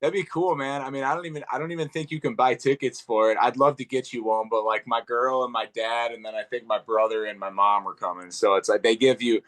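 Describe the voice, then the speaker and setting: A young man and guest fighter talking casually in an interview, relaxed and rambling with lots of fillers and the odd swear. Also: mid-range voice, fairly quick, hardly any pauses.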